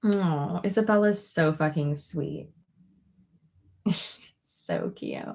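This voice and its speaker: A young woman with a lowish, gravelly fry talks casually to camera. Her manner is chatty and loose, with profanity and giggles slipped between asides. She sounds like a beauty creator catching up with her viewers. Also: lively intonation, slow pace, darkish tone. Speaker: beauty YouTuber.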